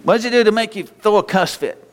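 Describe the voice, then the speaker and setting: A man's voice: high-pitched, quick pace. Middle-aged male preacher, folksy, full of rhetorical questions, reverb from a large hall. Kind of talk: sermon.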